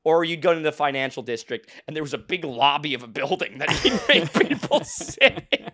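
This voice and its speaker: Male podcast host, casual chat, rambling and laugh-prone, animated delivery. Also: a little high, moderate pace. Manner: rambling storyteller, laughs often, restarts.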